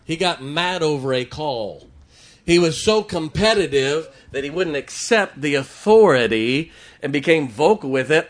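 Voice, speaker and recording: A middle-aged man preaching a sermon, drawing call-and-response from the congregation and slipping in jokes. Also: medium pitch. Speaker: pastor.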